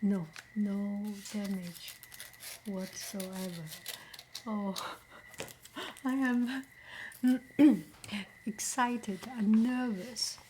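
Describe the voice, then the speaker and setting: A woman who speaks slowly and gently, often half-whispering, as she opens and reacts to fan mail in an unboxing vlog. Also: medium pitch, steady tone, slight background noise, rough recording. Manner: slow, gentle, often whispering, easily moved. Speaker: vlogger opening fan mail. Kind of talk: soft-spoken unboxing vlog.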